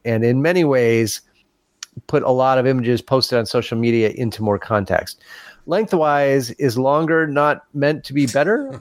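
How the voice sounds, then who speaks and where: A man's voice: mid-range voice, no room sound, studio quality. A man hosting a casual podcast, chatting and reading listener emails aloud with easy laughs.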